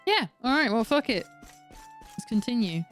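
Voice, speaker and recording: A woman's voice: on the high side, big pitch swings, a little slow, soft background music. Talk casually as a woman streamer, chatty, a bit sweary, laughing at yourself. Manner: chatty, swearing, self-mocking. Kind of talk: casual gaming commentary.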